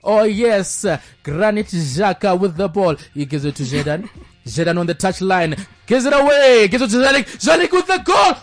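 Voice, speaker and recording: Man putting on an excitable football commentator, high-pitched, shouting the play, faint music behind. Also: moderate pace, dry recording. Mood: excited. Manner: mock-commentary, rising to shouts. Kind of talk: impression for laughs.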